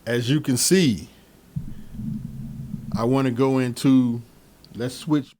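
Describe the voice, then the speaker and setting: Switching between studio microphones, a man casually reviews them, speaking directly to his viewers. He's relaxed and repeats phrases, with a medium-pitched voice and a slow pace.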